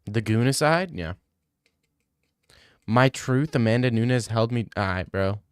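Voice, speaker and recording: A man's voice: medium pitch, animated, measured pace, smooth, dry recording. Young man, streamer, loose and profane, dry close sound. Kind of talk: casual stream chat.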